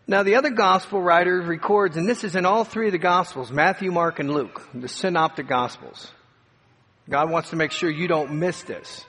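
A man's voice: a little high, normal speed. Fervent male preacher in echoing hall. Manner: dramatic preacher, swings from loud cries to hushed tones. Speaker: pastor. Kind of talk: sermon. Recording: long hall reverb.

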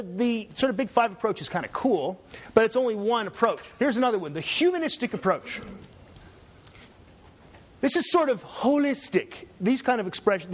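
A middle-aged male professor lecturing a class, his voice sitting a little high for a man. He talks in a dry, sarcastic way and slips jokes into his points. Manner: sarcastic, joking asides. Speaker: university lecturer.

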